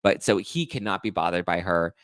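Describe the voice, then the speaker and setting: A man's voice: deep voice, a little fast, a bit bright, clean tone, no room sound, clean studio sound. A man hosting a podcast, chatting casually and sassily as he recaps and gossips, laughing often and acting out quotes. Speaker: podcast host.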